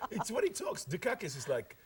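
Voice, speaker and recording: A man's voice: sits high, huge pitch swings, normal speed, slight background noise. An English man, a comedian, chatting playfully on a talk show and slipping into funny voices. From England. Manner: playful, slips into character voices. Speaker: comedian guest. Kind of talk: comic talk show banter.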